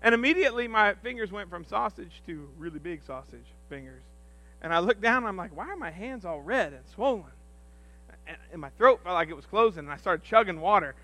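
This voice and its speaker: Bright, high-voiced man preaching with jokes. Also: quick pace. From rural upbringing. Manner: animated, self-deprecating, jokey. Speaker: pastor on church staff. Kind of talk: humorous storytelling sermon.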